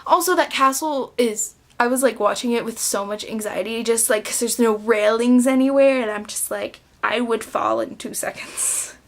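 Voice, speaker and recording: Rambling young woman vlogger, slightly high. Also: normal speed, hardly any pauses. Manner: rambling, filler-heavy, self-interrupting. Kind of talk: casual film review vlog.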